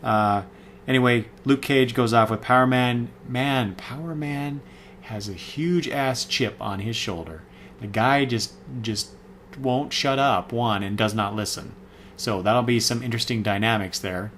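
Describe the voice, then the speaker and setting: A man's voice: medium pitch, measured pace, fairly bright tone, slight background noise. A man giving a casual, rambling spoken review of comics, full of fillers and self-corrections.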